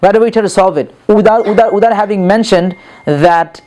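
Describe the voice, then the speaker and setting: An instructor gives a casual spoken lesson in a high-pitched, darkish voice at a fairly quick pace. He rambles, repeats words, fills gaps with "you know," and acts out his examples and quotes.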